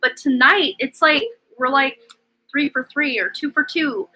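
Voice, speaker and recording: Bright high-voiced chatty woman. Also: measured pace, rough recording. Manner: effusive, chatty, many fillers like "like" and "um". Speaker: tarot reader and livestream host. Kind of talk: live-streamed tarot reading.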